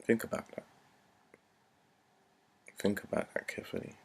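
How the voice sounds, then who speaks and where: A vlogger in his 20s rants earnestly and unscripted to the camera, his voice low, gravelly, and breathy at the edges, at a moderate pace. He repeats himself and sometimes drops to a near-whisper.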